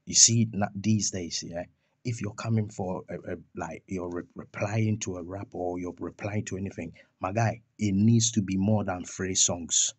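A man's voice: deep voice, steady tone, normal speed, a little mellow, slightly rough, no echo. A young man ranting in a vlog about a music feud, scornful and firing off rhetorical questions and insults. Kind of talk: heated rant vlog.

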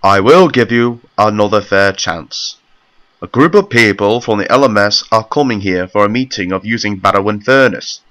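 A man's voice: on the low side, normal speed, a bit bright, close to an everyday voice. A man voicing a stern, worried male railway director in a fan-made storybook reading, firm and apologetic.

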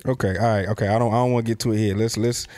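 A man's voice: fairly low pitch, fairly even intonation, mellow. A man hosting a casual interview, speaking informally and steering the conversation. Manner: quick, informal, eager to steer the talk. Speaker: podcast host.

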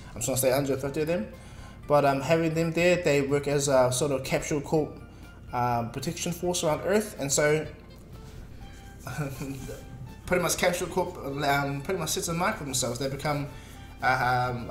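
A man's voice: on the high side, echoey room. A man casually narrating a fan-made story in a rambling way, with many fillers and restarts.

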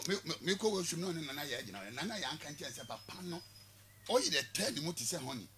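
A Ghanaian prophet being interviewed on the radio, a man with a Ghanaian accent who talks forcefully and repeats words to press his point. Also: fairly high pitch, sing-song, quick pace, crowd noise. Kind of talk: radio interview in Twi mixed with English.

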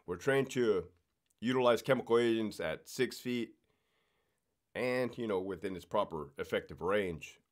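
A man's voice: lowish voice, measured pace. A man who worked as a correctional officer, chatting casually on a podcast. He talks bluntly, swears a lot and keeps checking in with "right?". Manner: blunt and profane, explaining rules with lots of swearing.

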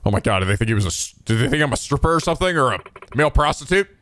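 A man's voice: medium pitch, sing-song, rapid-fire, a bit bright, slight background noise. A man doing gaming commentary with joking, crude asides. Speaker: let's play host.

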